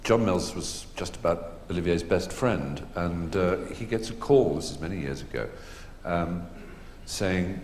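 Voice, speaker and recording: Man, very deep voice, leisurely storyteller, live stage talk, echoey hall. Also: animated, measured pace, few pauses, darkish tone, a little hiss or hum. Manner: leisurely raconteur with frequent ums and restarts. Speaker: stage conversation guest. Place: theatre stage before a live audience. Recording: echoey hall with long reverb.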